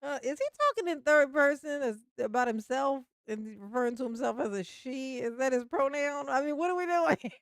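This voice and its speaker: A woman's voice: high voice, normal speed, few pauses, dry recording, studio quality. A woman hosting a casual livestream commentary, chatty and swearing freely, often breaking into laughter.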